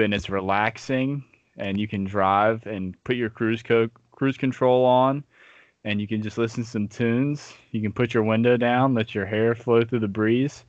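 A man's voice: fairly low pitch, dry recording. Laid-back man, muffled dry audio. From Southern United States. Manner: laid-back, profane storyteller who laughs often. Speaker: podcast co-host. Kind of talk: casual chat.

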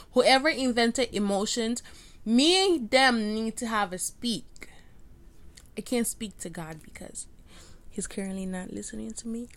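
A young woman whose first language is Spanish, hosting her own podcast and ranting in a rambling, self-mocking way, with loudness and pitch jumping often. She records on a cheap microphone. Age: late teens. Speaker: podcast host. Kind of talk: casual rant. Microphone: cheap home USB microphone.

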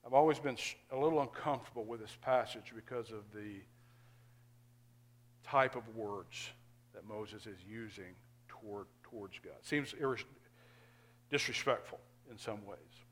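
A male pastor, preaching a sermon earnestly and emphatically, now and then dropping to quiet asides. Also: lowish voice, measured pace.

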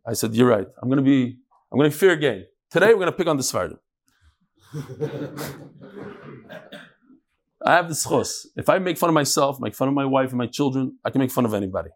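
A man teaching a Talmud class live, lively and joking, with Hebrew and Yiddish terms all through his talk. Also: medium pitch, normal speed, pauses often. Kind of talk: daf lesson to a live class.

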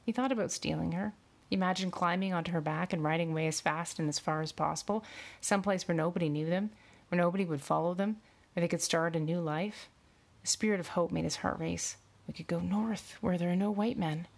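A woman narrating a novel aloud in a measured, expressive reading. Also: fairly low pitch, gravelly. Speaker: audiobook narrator. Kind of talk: storybook narration.

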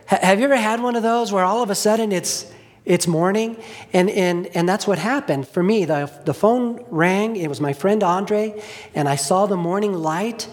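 A man, a preacher giving an earnest testimony in a sermon, often dropping to hushed tones. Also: a little high.

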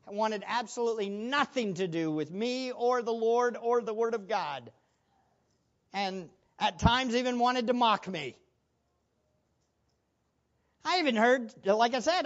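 A man's voice: very high-pitched, a bit bright. Earnest male pastor preaching, dull recording. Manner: earnest, rhetorical questions to the congregation. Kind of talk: sermon.

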